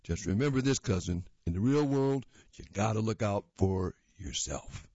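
A nasal, obnoxious teenage boy, as a man reads him aloud, mocking and smug, pitched well above the reader's own husky low voice. The storybook reading sounds dull and lo-fi in a dry room. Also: expressive, moderate pace, mellow, no echo. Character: boy Elijah, smug teasing older cousin.

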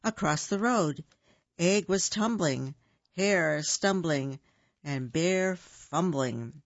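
A storyteller reading a children's picture book aloud in a slow, rhythmic, sing-song way. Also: medium pitch, no echo, dull audio.

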